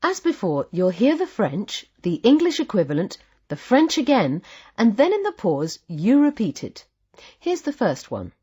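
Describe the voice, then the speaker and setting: A woman guiding learners through a language lesson in a patient, encouraging way. Her voice has a slight huskiness, and her pitch moves a lot. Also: wildly swooping pitch, measured pace, dark tone, slightly rough. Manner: patient, encouraging teacher's delivery. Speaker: course narrator. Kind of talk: scripted instructional narration.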